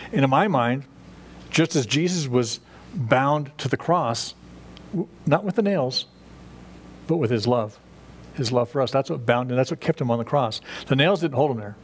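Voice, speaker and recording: A man preaching an earnest, unscripted sermon as pastor, with a voice of middling pitch. He lifts his voice to stress key phrases and drops back to a plain, conversational tone, with small fillers and restarts along the way.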